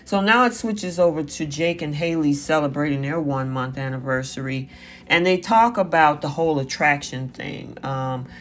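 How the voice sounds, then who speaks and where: A host giving a casual spoken recap of a reality TV episode, paraphrasing what the cast said and filling pauses with "um" and "you know". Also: mid-range voice, fairly bright tone, a little hiss or hum. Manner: chatty, paraphrasing with frequent fillers.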